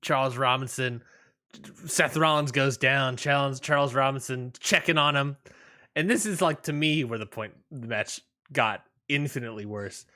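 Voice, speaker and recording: A man's voice: medium pitch, pushed and bright. A man co-hosting a casual wrestling podcast, rambling through a match recap with many fillers and restarts. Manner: rambling, lots of fillers and restarts, quick laughs. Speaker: podcast co-host.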